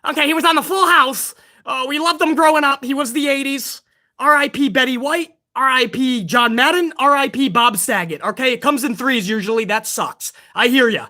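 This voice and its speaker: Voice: high voice, normal speed. A livestream host of a pro wrestling channel ranting heatedly, swearing often. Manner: excitable. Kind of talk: livestream rant.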